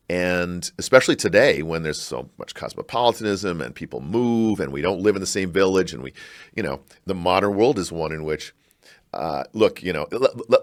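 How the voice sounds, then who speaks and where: A middle-aged man from Chicago, a scholar talking in a podcast interview, reflective and halting with animated bursts. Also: low voice. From Chicago, United States. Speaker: guest, scholar and university provost.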